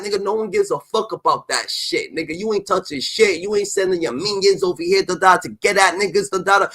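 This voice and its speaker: A man's voice: high voice, lively intonation, a little fast, pushed and bright. A man delivering a heated, profane rant as commentary, repeating a filler tag between phrases.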